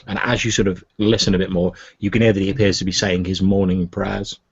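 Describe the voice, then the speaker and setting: Deep husky game master. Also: male voice, level tone, brisk. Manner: loose, filler-heavy narration. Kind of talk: narrating a tabletop game. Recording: muffled lo-fi recording.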